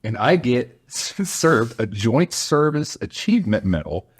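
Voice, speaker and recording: A man spinning a long military anecdote for a podcast, his voice sitting at an ordinary middle pitch. He swears freely and slips into lively impressions of officers and soldiers as he goes. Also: a little slow, breathy edge. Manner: animated, acts out quotes, swears freely. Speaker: podcast guest, former soldier. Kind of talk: casual storytelling.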